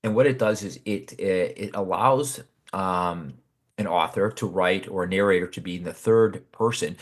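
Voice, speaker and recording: Low-voiced man musing over a short story. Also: moderate pace. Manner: thoughtful, frequent fillers and restarts. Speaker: podcast host discussing literature. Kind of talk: casual spoken literary analysis.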